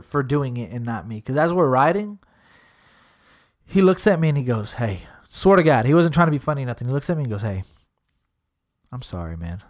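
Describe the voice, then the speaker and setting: A young man chatting casually, rambling through a story and saying "dude" a lot. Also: on the high side. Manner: rambling, laid-back, says "dude" a lot. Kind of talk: casual chat.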